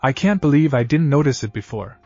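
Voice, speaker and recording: A man's voice: medium pitch, animated, brisk, darkish tone, dry recording. Brooding bitter boy ninja read by a man, plain read-aloud delivery, dull lo-fi sound, faint music. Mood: weary.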